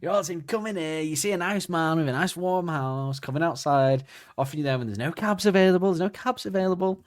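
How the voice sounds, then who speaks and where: A man's voice: on the high side, fast talker, voice pushed up, natural voice. A man voicing a sleazy, resentful man who rants in a whiny, self-pitying voice at a woman he has invited in. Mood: indignant.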